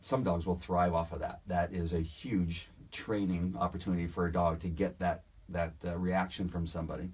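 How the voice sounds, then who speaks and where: A man's voice: deep voice, flat delivery, moderate pace, few pauses, a little mellow, breathy edge, far from the mic. A man who trains dogs, explaining dog behavior in an easygoing way as a podcast guest. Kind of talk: casual interview.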